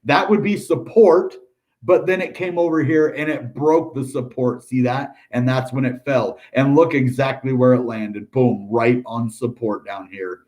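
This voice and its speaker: A man's voice: medium pitch, a little slow, a little mellow. Chatty American man reading charts. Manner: chatty, upbeat, lots of ums and dude. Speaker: crypto channel host. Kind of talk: casual chart analysis livestream.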